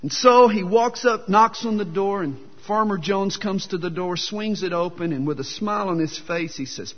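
A man's voice: sits high, moderate pace, few pauses. A man preaching a sermon, telling folksy jokes with a self-deprecating humor, recorded in a dull, echoey hall. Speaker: pastor.

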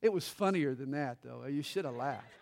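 A middle-aged man, a pastor, preaching a sermon with dramatic pauses and touches of humor. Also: mid-range voice, expressive, gravelly, a little mellow.

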